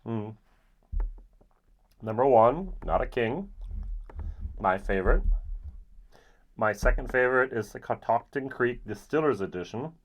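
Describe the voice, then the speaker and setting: A man giving a casual, rambling whisky tasting review, often pausing with ums. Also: medium pitch. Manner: relaxed, rambling with frequent ums.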